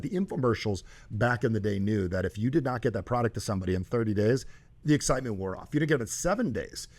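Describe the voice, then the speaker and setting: A man hosting a show and coaching a caller, talking emphatically with loud, high bursts. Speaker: host and coach.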